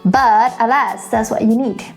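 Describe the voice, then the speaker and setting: A woman with a fairly high voice talks through a drawing lesson in a casual, chatty way. She is playful and given to self-mocking asides. Faint music plays underneath. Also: a little slow. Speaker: art tutorial host.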